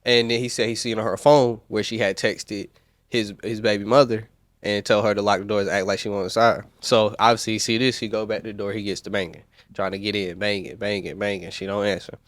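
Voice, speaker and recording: Southern guy rambling thru a podcast recap, lowish voice, dry close sound. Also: little pitch movement, brisk, dry recording. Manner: loose, rambling, self-correcting. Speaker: podcast host. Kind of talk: casual commentary.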